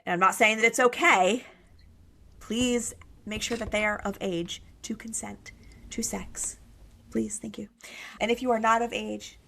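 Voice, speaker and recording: A woman's voice: lowish voice, gravelly, fairly bright tone. A woman therapist co-hosting a casual podcast, talking frankly, swearing casually and acting out the people she quotes, over a video call.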